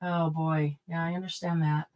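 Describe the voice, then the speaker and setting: A woman's voice: low-pitched, flat delivery, normal speed, darkish tone. A woman hosting a craft livestream in casual chat, teasing and laughing often. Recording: clear background noise.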